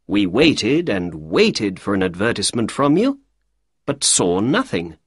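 A man voicing a clever male detective with a crisp, brisk and upbeat manner. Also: fairly low pitch, wildly swooping pitch, dry recording, studio quality, full character voice.

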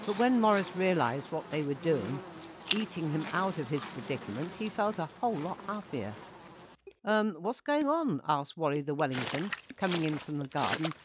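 Brief: playful children's author narrating, lively delivery, noisy recording. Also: female voice, low voice, brisk. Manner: playful and expressive. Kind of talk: bedtime story narration. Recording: noisy hiss behind the voice.

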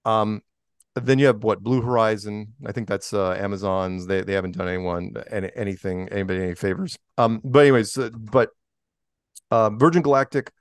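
A man's voice: lowish voice, steady tone, fairly quick, smooth, no echo, studio quality. A man talking as a podcast guest in a rambling way, full of fillers and restarts. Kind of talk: casual interview talk.

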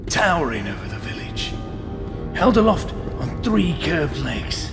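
An actor with an English accent voicing a brooding village man who is shunned as a madman, speaking in a gruff, grim storytelling voice in a video game. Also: a little high, big pitch swings, measured pace. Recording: game audio over loud eerie music.

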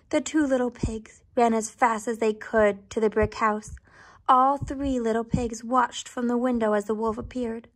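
A woman reading a storybook aloud to children, pausing to ask questions and dropping into soft whispered asides. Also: on the high side, fairly even intonation. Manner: gentle, asks the listener questions, whispered asides.

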